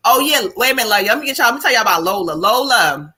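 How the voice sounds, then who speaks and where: A middle-aged woman hosting a live stream as a psychic medium, casual and loud, with lots of exclamations and laughter. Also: fairly high pitch, animated, racing, slightly rough.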